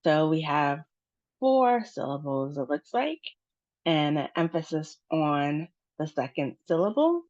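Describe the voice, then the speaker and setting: Slow, patient American woman teaching. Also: deep voice, very animated, darkish tone. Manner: patient, spells out stress and syllables slowly. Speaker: pronunciation teacher. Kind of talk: slow pronunciation lesson. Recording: dull, dry, lo-fi sound.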